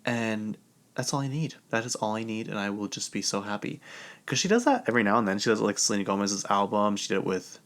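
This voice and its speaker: A man hosting a podcast, chatting casually and excitably about pop culture, laughing often along the way. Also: lowish voice, fast. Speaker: podcast host.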